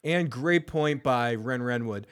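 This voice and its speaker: A man's voice: medium pitch, unhurried, a bit bright. A man hosting a podcast who recaps a TV episode in casual chat, acting out scenes and swearing freely. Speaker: podcast host.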